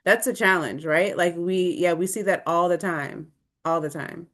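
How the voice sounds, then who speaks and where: A woman co-presenting an online session over a video call, talking in an animated, conversational way and reacting openly. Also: on the low side, normal speed. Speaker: webinar co-presenter. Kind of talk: live online presentation discussion.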